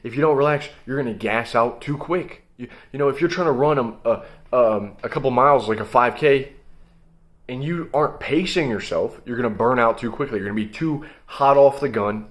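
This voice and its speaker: A man's voice: medium pitch, brisk. Blunt, emphatic man coaching. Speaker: motivational video host. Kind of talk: motivational monologue to camera.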